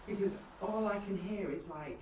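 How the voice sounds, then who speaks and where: A woman's voice: mid-range voice, moderate pace, mellow. A woman chatting casually and recounting earlier ghost hunts. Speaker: paranormal investigator. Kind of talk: casual chat and storytelling. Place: abandoned farmhouse indoors. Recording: echoey room from far off, faint hiss.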